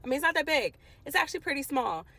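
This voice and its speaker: A vlogger in her late twenties from the Washington DC area tells her viewers a storytime tale, emphatic and indignant. Her high voice is sing-song, fast, and sharp-toned, captured in a low-quality recording.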